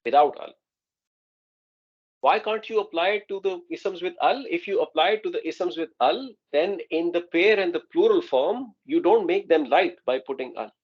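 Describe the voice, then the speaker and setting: A man's voice: high-pitched, normal speed, hardly any pauses, slightly rough, dull audio. A man teaching an Arabic grammar class online, explaining patiently and often checking that students follow.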